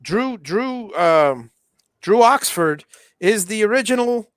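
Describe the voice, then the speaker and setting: A man's voice: sits high, expressive, slow pace, smooth, no room sound, studio quality. A man hosting a casual livestream, chatting while he solders, with many restarts and fillers. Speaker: livestream host.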